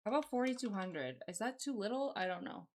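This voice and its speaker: A woman's voice: medium pitch, lively intonation, fast talker, a little mellow. A young woman with a Southern American twang, rambling casually to her live-stream chat from a home setup on a desk mic. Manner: rambling, chatty, reads and answers chat aloud. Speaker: livestreamer.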